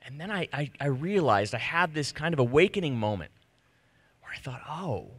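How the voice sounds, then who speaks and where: A man in his thirties shares his own story with an audience in a lively, swinging voice that rises and falls widely. He is self-deprecating and acts out the voices of the people in his story. The sound is dry and close, with almost no room echo. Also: on the high side, moderate pace, slightly rough. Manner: animated, self-deprecating, acts out quoted exchanges. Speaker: speaker giving a personal talk. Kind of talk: personal storytelling talk to a live audience. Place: stage before an audience.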